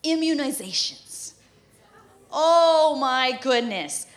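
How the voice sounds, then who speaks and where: A woman's voice: sits high, lively intonation, unhurried. A woman in her thirties, a mother, preaching a sermon in a conversational, humorous way and laughing often. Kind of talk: sermon with prayer and personal story.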